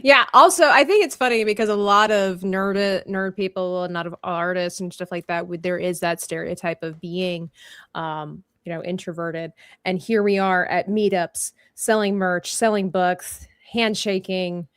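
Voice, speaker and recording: A woman's voice: on the low side, fairly even intonation, normal speed, fairly bright tone, clear, resonant tone, no echo, clean studio sound. A woman hosting a casual livestream art party, chatting, laughing and reading comments from the chat aloud. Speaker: livestream host.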